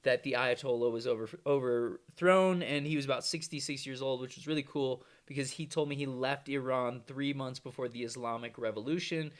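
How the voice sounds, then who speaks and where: A man's voice: medium pitch, a little fast, hardly any pauses. A man delivering a casual, rambling vlog monologue, swearing freely in a loose, conversational manner. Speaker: vlogger.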